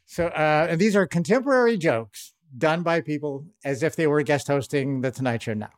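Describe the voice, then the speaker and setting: A man guest-hosting a comedy podcast, relaxed and laughing in casual chat. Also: on the high side, normal speed. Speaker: guest host.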